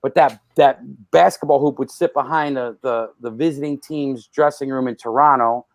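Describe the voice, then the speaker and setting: Man, podcast guest, gravelly voice, animated storytelling, dry room. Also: moderate pace, no room sound. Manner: animated, acts out quotes with loud jumps in pitch. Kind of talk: casual storytelling.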